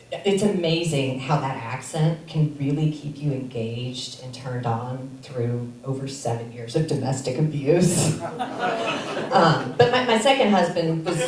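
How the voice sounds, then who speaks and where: A middle-aged woman doing a stand-up comedy set in a theater, with a deadpan delivery and filler pauses, as the audience laughs. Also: a bass voice. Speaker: stand-up comic. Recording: roomy echo, far from mic.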